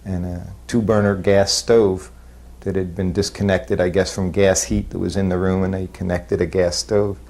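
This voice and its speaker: A man unhurriedly recalling his years as a disciple, self-deprecating and chuckling softly. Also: low-pitched, little pitch movement. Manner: unhurried, self-deprecating storytelling with soft laughs. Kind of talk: spoken reminiscence.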